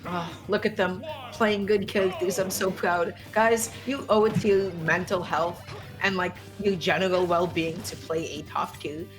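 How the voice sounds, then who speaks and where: A young woman doing live esports commentary in a playful, excitable, jokey way. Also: on the low side, moderate pace, over music.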